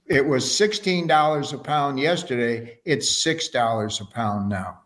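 A man's voice: mid-range voice, unhurried, fairly bright tone. A man talking as an interview guest, telling stories in an enthusiastic, casual way with frequent restarts. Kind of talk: casual conversational storytelling.

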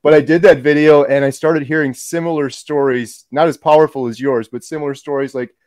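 A man's voice: a little high, fairly even intonation, brisk, hardly any pauses, a little mellow, no room sound. A man hosting a casual interview, speaking with enthusiasm and emphasis. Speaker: host, homesteading video creator.

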